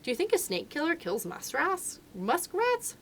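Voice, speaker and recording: A woman voicing a bold, proud young male mongoose in a storybook read-aloud, with a brisk, cocky manner. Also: very high-pitched, huge pitch swings, fairly bright tone, pitched above the performer's own voice, full character voice.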